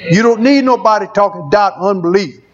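High-voiced preacher testifying. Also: male voice, fairly quick, lo-fi sound, a crowd in the background. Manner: rhythmic, repeats phrases for emphasis. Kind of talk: testimony sermon.

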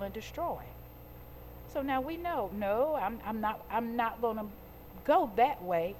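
A woman preaching a sermon to a congregation, talking in call-and-response and building to loud, stretched-out emphatic peaks. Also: high voice, a little hiss or hum.

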